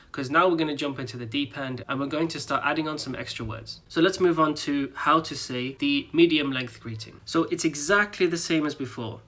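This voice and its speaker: A man teaching greeting pronunciation, patiently drilling each word slowly syllable by syllable. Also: a little high, sharp tone. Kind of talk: slow step-by-step pronunciation lesson.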